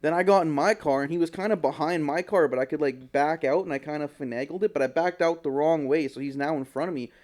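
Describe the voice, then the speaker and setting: In casual podcast banter, a co-host with a fairly high voice rattles off a story at a quick clip with few breaks, peppering it with swearing and acted-out dialogue.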